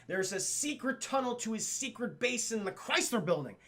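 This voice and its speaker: A man's voice: high-pitched, big pitch swings, normal speed, pushed and bright, exaggerated voice. A man voicing a scheming middle-aged businessman in a persuasive, conspiratorial manner.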